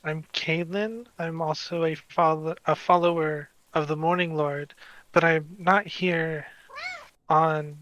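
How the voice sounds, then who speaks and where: A man's voice: on the high side, fairly even intonation, takes it slowly, fairly bright tone, no room sound, muffled recording. A man playing a polite female cleric. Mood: courteous. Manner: courteous, formal, slightly hesitant.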